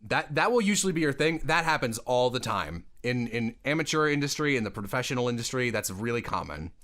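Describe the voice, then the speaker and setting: A man's voice: mid-range voice, a little fast. A young man co-hosting a casual podcast, giving blunt voice-acting advice and repeating words as he speaks. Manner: blunt, animated, repeats words when excited. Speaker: podcast co-host and voice director.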